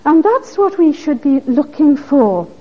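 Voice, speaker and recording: A woman's voice: sits high, big pitch swings, a little slow. A woman preaching a sermon, pressing her listeners with earnest, pleading questions. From Wales. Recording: dull lo-fi recording.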